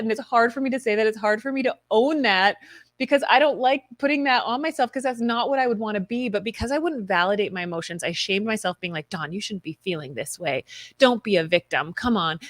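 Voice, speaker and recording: A woman's voice: mid-range voice, dry recording. A woman hosting a live stream, reading viewer comments and telling candid stories with quoted inner voices.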